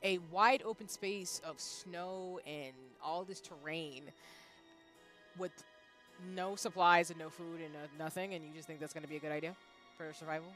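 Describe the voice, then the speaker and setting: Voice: mid-range voice, fairly even intonation, normal speed, fairly bright tone. A streamer in their thirties giving casual commentary while playing a game, chatty and talking back to the characters on screen. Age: 30s. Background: faint background music.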